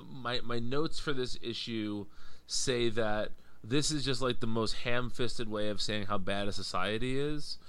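A man co-hosting a casual comic book podcast, his voice sitting at an ordinary middle pitch. He recaps the story wryly, slipping into brief put-on voices for the characters and leaning on dry humor. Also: pushed and bright, clear, resonant tone. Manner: wry, recaps plots by acting out characters' lines. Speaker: podcast co-host.

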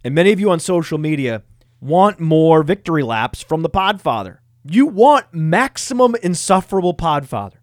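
A man hosting a fantasy football podcast, reading ads in a boastful, self-mocking, energetic way. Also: on the high side, moderate pace, dry recording, clean studio sound. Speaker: podcast host.

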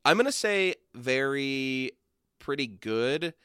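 Lively, bright-voiced joking man. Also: mid-range voice, takes it slowly, clean tone, no room sound, clean studio sound. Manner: jokey, profane, laughs often. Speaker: podcast co-host. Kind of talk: casual comedy chat.

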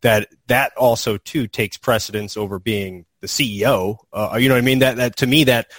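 A man's voice: mid-range voice, fairly bright tone, no echo. A man co-hosting a podcast, speaking earnestly in casual chat with frequent restarts and repeated words. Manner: earnest, halting, many restarts. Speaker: podcast co-host.

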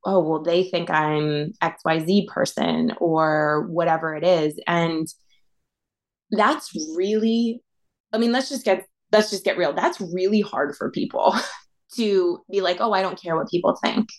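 A woman with a lower-pitched voice talking as a podcast guest. She reflects aloud, restarting sentences and circling toward questions. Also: a little slow. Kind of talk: casual chat.

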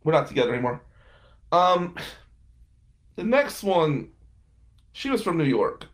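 This podcast guest's voice leans high and sing-song, and he never rushes. Casually, he recounts wry stories of past girlfriends and roommates, laughing often along the way.

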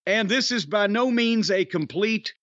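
A man's voice: high voice, measured pace, a bit bright, no room sound, dull audio. A man, hosting a casual podcast with rambling, profane wisecracks. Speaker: podcast host. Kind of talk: casual wrestling podcast banter.

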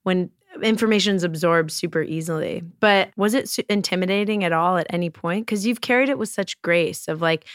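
A woman hosting a podcast, chatting in a relaxed, frank way with the occasional curse. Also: fairly low pitch, fairly quick, few pauses, clear, resonant tone, no echo, studio quality. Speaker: podcast host. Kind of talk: casual podcast conversation.

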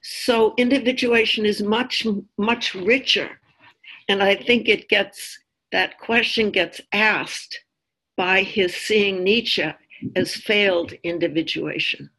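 A woman leading a reflective group discussion, telling stories in a thoughtful, measured way. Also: medium pitch, pushed and bright, breathy edge, poor audio. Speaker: discussion leader.

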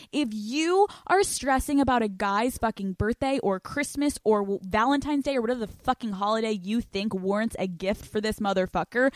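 A woman's voice: on the high side, darkish tone, no echo, clean studio sound. A young woman hosting a podcast, talking in a brash, profane way with lots of laughter while she reads out listener questions and answers them. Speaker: podcast host. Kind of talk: casual podcast monologue, reading listener questions.

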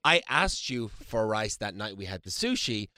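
A man's voice: fairly low pitch, big pitch swings, moderate pace, pushed and bright, no echo. A man co-hosting a casual chat show, joking, swearing and defending himself. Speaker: podcast co-host.

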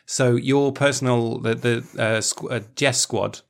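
Man, podcast co-host, casual chat, gravelly, mid-pitched, frequent ums and restarts. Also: steady tone, unhurried. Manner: chatty, hesitant, many ums and restarts.

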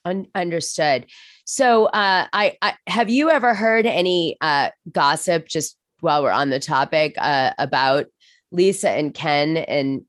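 An American woman with a low-pitched voice asks eager questions. She gushes readily, and her voice sits in a dry, close recording. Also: animated, no room sound. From United States. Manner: eager, curious, quick to gush. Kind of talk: casual chat.

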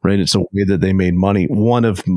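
A man's voice: low voice, fairly even intonation, a little fast, a little mellow, no room sound. A man co-hosting a podcast, explaining his view steadily and checking in with his listeners. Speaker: podcast co-host. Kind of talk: casual podcast chat.

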